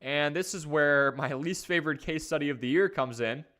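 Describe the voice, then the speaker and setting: A man hosting a live fantasy football stream, talking casually and energetically while he reads from the chat. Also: a little high. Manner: energetic, conversational, talks fast in bursts. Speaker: fantasy football livestream host.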